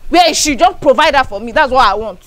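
A woman's voice: high-pitched, expressive, fast talker, a bit bright. A woman with a Nigerian English accent acting a tough young woman who demands and threatens in a comedy skit, with music behind. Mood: demanding.

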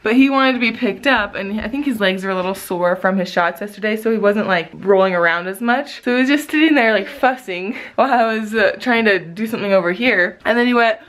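A young woman and mother vlogging in a casual, gushing, excitable way, often squealing with delight. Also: mid-range voice, fairly quick, hardly any pauses. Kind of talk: casual vlog talk to camera.

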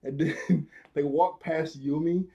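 A young man casually recapping and reviewing a cartoon episode, animated and slangy, laughing often as he retells scenes. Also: on the high side, takes it slowly, vocal fry, dull audio.

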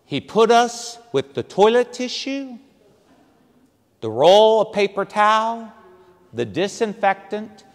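Man, priest, storytelling sermon, high and very expressive, slow delivery, long church reverb. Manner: animated storyteller, acts out voices, punchy asides to the crowd.

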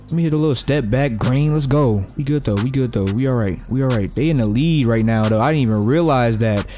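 A young man giving live, profane, trash-talking commentary over his own basketball video game play, breaking into sudden excited yelps. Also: mid-range voice, a little fast, faint music behind. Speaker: gaming YouTuber.

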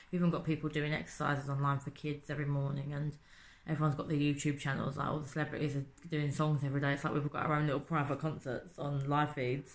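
A woman, chatting casually and swearing often in a home video diary, asking rhetorical questions. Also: sits low. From England. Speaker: vlogger. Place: home in the city.

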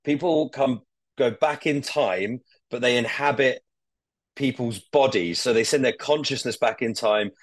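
A man's voice: medium pitch, a little slow, no echo. A young man chatting on a podcast as a guest, rambling with lots of fillers and casual swearing.

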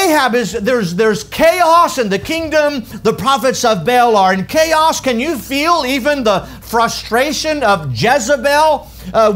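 A pastor preaches to his church in a high voice that leaps and drops. He swings between loud, ringing calls and quiet, low lines, giving each point dramatic weight in the sanctuary. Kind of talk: sermon.

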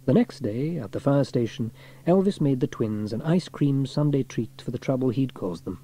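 A man reading a children's storybook aloud in an expressive way. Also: mid-range voice, moderate pace.

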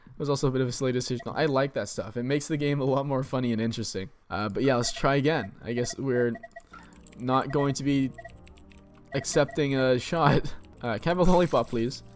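A man's voice: mid-range voice, fairly even intonation, brisk, faint music behind. A man casually playing through a text horror game, reading it aloud and making laid-back, sweary jokes. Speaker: let's play host.

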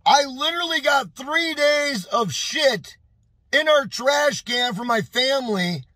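A man telling a casual storytime monologue to his channel, animated and exclaiming, often repeating phrases. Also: very high-pitched, no room sound. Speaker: YouTube storyteller.

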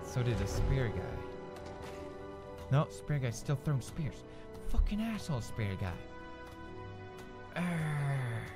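A man giving let's-play commentary on a video game, excitable and swearing a lot, shouting during fights. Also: mid-range voice. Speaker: gamer. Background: game music.

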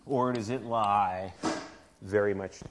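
A man's voice: lowish voice, steady tone, slow pace, background noise. A man who is a university chemistry professor, giving a lecture and asking his class questions in a conversational way. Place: lecture hall.

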